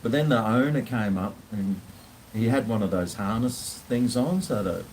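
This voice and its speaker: A man telling a casual, rambling story, with frequent pauses and casual swearing. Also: fairly low pitch, expressive, a little mellow, slight background noise, low-quality recording. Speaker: vlogger.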